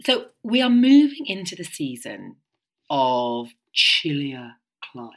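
A middle-aged woman co-hosting a podcast, chatting casually in an animated, emphatic way and quick to laugh. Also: deep voice. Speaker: podcast co-host. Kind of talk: casual chat.

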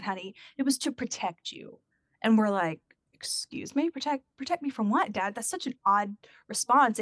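A woman's voice: medium pitch, no room sound, studio quality. A woman telling a personal family story in casual chat, acting out the voices of the people she quotes. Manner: animated, acts out quoted voices.

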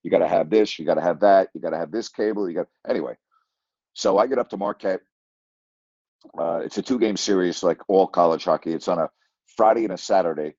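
A man's voice: deep voice, fairly quick, dark tone, no room sound. An older man, a sports broadcaster, telling a story in a rambling way, repeating phrases and chuckling mid-sentence. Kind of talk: casual storytelling monologue. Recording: dull lo-fi, dry sound.

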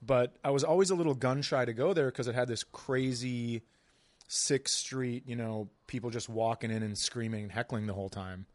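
A man's voice: mid-range voice, moderate pace, dry recording. A man in easygoing podcast chat, cracking jokes and laughing along with the host. His voice sits in a middle range, and the sound is dry and close, with no room around it. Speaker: podcast guest. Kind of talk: casual chat.

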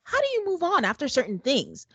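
A woman's voice: high-pitched, brisk, no room sound, muffled recording. A woman co-hosting a podcast, recapping a reality show in casual chat, laughing often and acting out what people said. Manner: animated, laughing often, acts out quotes. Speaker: podcast co-host.

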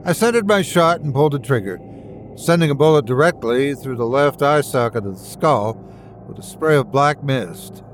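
A man's voice: medium pitch, lively intonation, normal speed, a little hiss or hum. A man narrating a first-person horror story with suspenseful, dramatic storytelling.

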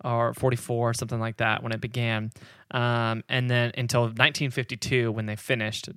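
Casual podcast co-host, man, gravelly and bright, dry close sound. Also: mid-range voice, level tone, normal speed, no room sound. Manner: rambling, laughs often, hedges on numbers. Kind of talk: casual history chat.

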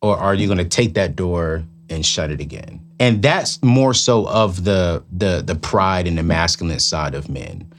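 A middle-aged man in relaxed conversation whose voice rises and falls in lively swings. He leans hard on his points and circles back to phrases to drive them home. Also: low-pitched, unhurried, few pauses. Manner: animated, emphatic, repeats himself for effect. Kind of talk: casual chat.

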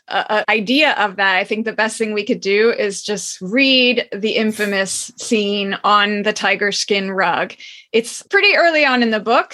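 Bright and forceful, her voice sits on the high side as she hosts a podcast. She's playful and laughs a lot, mixing chat with a read-aloud passage from a novel.

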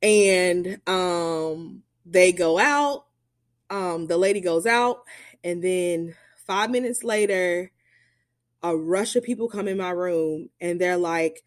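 A woman's voice: lowish voice, slow, no echo, clean studio sound. A young adult woman telling a personal story in a chatty way, full of fillers, who acts out the voices of the people she quotes.

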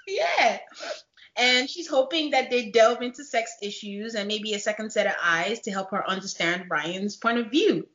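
Woman podcast host, lively storytelling, bright voice, dull roomy sound. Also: mid-range voice, normal speed. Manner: chatty, laughs often, animated retelling. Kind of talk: casual reality-show recap chat. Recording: dull lo-fi echoey room.

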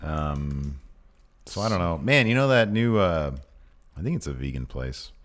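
A man co-hosting a casual podcast, reading out viewer questions and chatting along. His voice sits very low but moves around widely, jumping up when he gets excited. He laughs easily and tends to trail off into mumbles. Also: a little slow. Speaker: podcast co-host. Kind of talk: casual chat.

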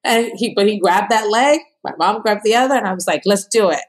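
A woman in her thirties, a podcast guest, telling her birth story with animated, laughing quotes. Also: medium pitch, fairly quick.

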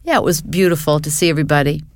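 An older woman, a guest in a casual interview, talking reflectively and haltingly with many restarts. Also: low-pitched, fairly even intonation.

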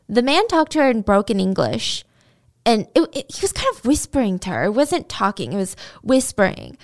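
A young woman podcast host retelling a true-crime story in a casual, animated, chatty way. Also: medium pitch, normal speed.

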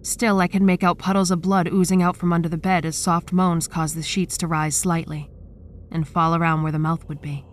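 A woman narrates a horror story in a steady, measured way, her voice sitting a little low. A clear noisy ambience runs behind her throughout. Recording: clear background noise.

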